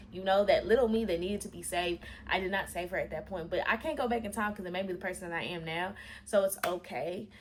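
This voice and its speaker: A young woman telling a personal story to her camera in a casual, candid and emphatic way, cursing and calling her viewers y'all. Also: lowish voice. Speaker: storytime vlogger. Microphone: camera facing the speaker.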